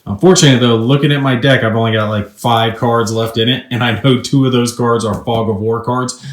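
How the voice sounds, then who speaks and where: A man's voice: medium pitch, steady tone, fairly quick. A man with a mid-range voice walks through a board game turn by turn, chatty and upbeat as he explains the rules. His voice carries a noticeable room echo, as if recorded in an open, roomy space. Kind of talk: casual tabletop gameplay walkthrough.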